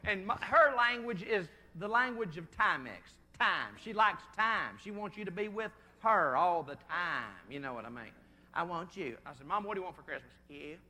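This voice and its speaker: A man's voice: sits high, expressive, moderate pace, few pauses, bright, forceful tone. A man telling a rambling family story in a folksy, drawling way from a played video. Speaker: storyteller on stage.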